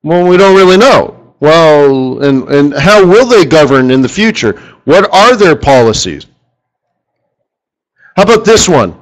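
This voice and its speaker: A man hosting a live currency trading strategy session in front of a room, talking in an animated, joking way and firing off rhetorical questions at the audience. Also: fairly high pitch, unhurried, few pauses, rough recording.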